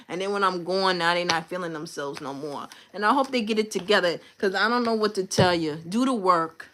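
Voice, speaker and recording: A woman's voice: mid-range voice, fairly bright tone. A woman hosting a livestream who chats casually and with confidence. She is blunt and slangy, and repeats her points for emphasis. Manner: slangy, blunt, talks straight to viewers. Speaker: livestream host.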